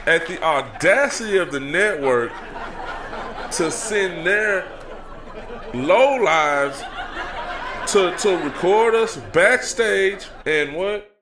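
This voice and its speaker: A man playing a brash, cocky comedic talk-show persona, ranting loudly with profanity and laughing through his lines. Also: high-pitched, animated, slow pace, long pauses, crowd noise. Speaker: segment host. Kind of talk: comedic in-character rant.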